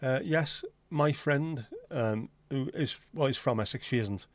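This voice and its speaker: A man, chatting loosely on a livestream in a mid-pitched voice. He rambles from joke to joke, swears freely and keeps the talk light, in a dry, close sound. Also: unhurried, no echo. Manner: rambling, jokey and sweary, slips into silly voices. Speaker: livestream host. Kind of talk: casual livestream chat.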